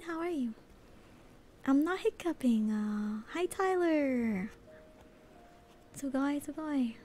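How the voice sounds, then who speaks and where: A female livestreamer chatting in whispered role-play, soft and bubbly, at home at night. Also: sits high, takes it slowly, pauses often, a little hiss or hum.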